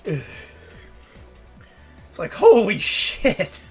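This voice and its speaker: A woman's voice: mid-range voice, huge pitch swings, very slow, husky, faint music behind. A woman streamer chatting casually, ranting and swearing with frequent laughter.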